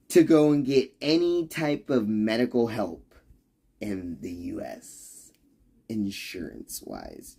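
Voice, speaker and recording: Sarcastic ranting man, gravelly voice. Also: medium pitch, a little mellow. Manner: heated, sarcastic, profane ranting to chat. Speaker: livestreamer. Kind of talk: ranting livestream chat.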